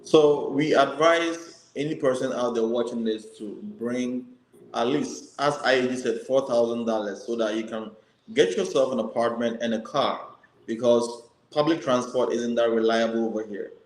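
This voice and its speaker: A man interviews a guest in a relaxed, conversational way and prompts her with questions. His voice sits at a middle pitch, and it carries a roomy echo. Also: moderate pace, a little hiss or hum. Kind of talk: casual interview.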